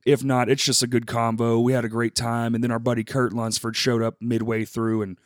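A male podcast host with a middle-pitched voice, tossing off a casual, profanity-laced sponsor read and guest intro. He clears his throat between lines and jokes about it. The sound is dry and close, with no room around it. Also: flat delivery, fairly quick, no echo. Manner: loose, profane, self-deprecating banter.

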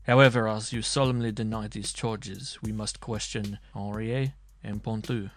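A man voicing a stern medieval judge who speaks with ominous calm. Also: fairly low pitch, soft background music, close to an everyday voice. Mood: cold. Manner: calm, measured, cutting.

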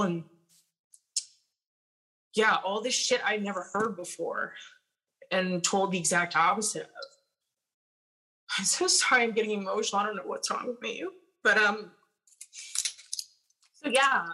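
A woman's voice: fairly low pitch, bright, forceful tone, poor audio. A young woman guest telling her life story candidly and bluntly, with frequent swearing and lots of filler words. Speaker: podcast guest.

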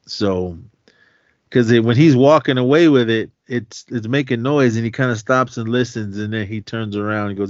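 A man's voice: mid-range voice, normal speed, dry recording. Guy on a podcast retelling a movie, rambly, keeps restarting, dry slightly muffled sound. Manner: rambling, restarts sentences, laughs often, acts out quotes. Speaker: podcast co-host. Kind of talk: casual movie recap chat.

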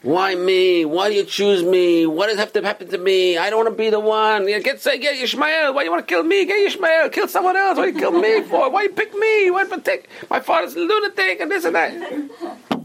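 A man's voice: very high voice, fairly quick, vocal fry, a bit bright, voice pushed up, heavily acted. A man voicing a whiny, self-pitying young man who begs to be spared. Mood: whining. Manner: wailing, pleading complaints.

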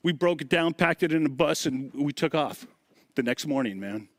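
A middle-aged man telling stories in a casual interview, lively and fond of acting out the voices of people in his stories. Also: fairly high pitch, moderate pace, dry recording. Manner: animated storyteller acting out quoted voices. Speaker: guest, former drum tech.

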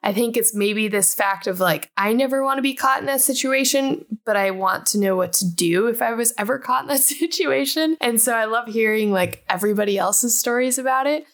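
A woman hosts a relaxed book club chat and talks in quick, loose sentences. She laughs often and fills her talk with "like". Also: on the high side. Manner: chatty, laughs often, fillers like "like". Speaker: podcast host.

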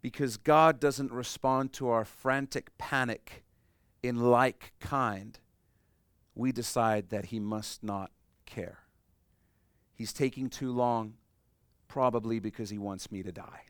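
A man preaching a sermon, explaining a passage emphatically and swinging between loud and hushed delivery. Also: mid-range voice, steady tone, slow, long pauses, clean tone, dry recording, studio quality. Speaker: pastor.

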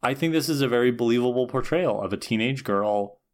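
Man, podcast co-host, casual discussion, thoughtful, hesitant restarts, mid-pitched voice. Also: a little fast.

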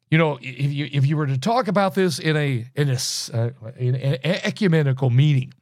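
A man teaching through a Bible book verse by verse, emphatic, with loud bursts and low asides. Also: dry recording, clean studio sound.

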